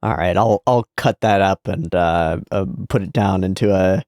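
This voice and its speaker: A man's voice: low voice, normal speed, darkish tone, no echo, clean studio sound. A man hosting an anime reaction, chatting casually and swearing now and then.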